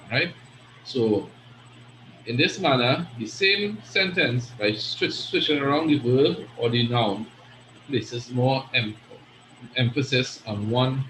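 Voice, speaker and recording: A man's voice: mid-range voice, fairly bright tone, roomy sound, slight background noise, low-quality recording. A man teaching an Arabic grammar class in a patient, explaining way, often checking in with "right?". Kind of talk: online class lesson.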